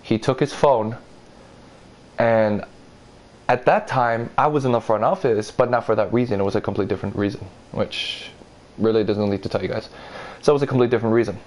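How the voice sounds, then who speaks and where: A young man telling a story casually, rambling and swearing, putting on a higher voice for quotes. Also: fairly even intonation, a little fast, a little mellow.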